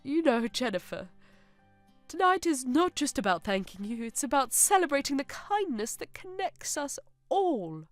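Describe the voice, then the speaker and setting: A woman narrator voicing a kindly older mother who speaks in a gentle, affectionate way. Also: high-pitched, sing-song, normal speed, dry recording, pitched above the performer's own voice. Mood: warm, caring. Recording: dry close narration with soft music.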